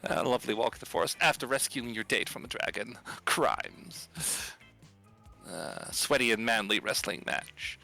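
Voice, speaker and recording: Gravelly bright-toned male gamer. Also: medium pitch, lively intonation, moderate pace, faint music behind, poor audio. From outside the US. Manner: reads game text aloud with sarcastic asides. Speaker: gaming YouTuber. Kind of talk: casual let's play commentary.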